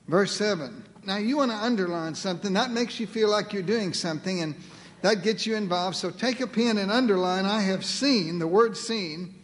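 A man preaching a sermon as pastor, earnest and emphatic, slowing down and repeating key phrases. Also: sits high, big-room sound.

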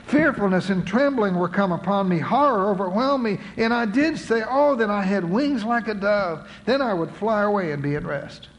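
A man's voice: high voice, expressive, moderate pace, hardly any pauses, pitched above the performer's own voice, poor audio. A man voicing an aged, wise king who speaks in solemn scriptural cadence. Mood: anguished.

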